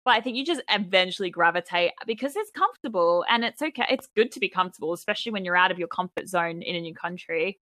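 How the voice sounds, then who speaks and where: A woman from Brisbane with an Australian accent, co-hosting a podcast in relaxed casual chat with many "like" fillers. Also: fairly low pitch, fast talker, hardly any pauses, dry recording. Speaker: podcast co-host.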